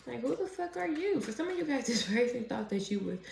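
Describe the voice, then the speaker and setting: A woman's voice: fairly high pitch, sing-song, quick pace, vocal fry, a little mellow. A woman doing a casual tarot reading, chatty and profane, who laughs often as she talks. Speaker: tarot reader. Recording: roomy echo.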